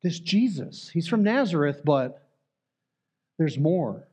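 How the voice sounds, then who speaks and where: A man's voice: fairly high pitch, sing-song, slow pace, mellow, breathy edge. Earnest male church elder preaching. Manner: earnest, conversational preaching with fillers and restarts. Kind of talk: sermon.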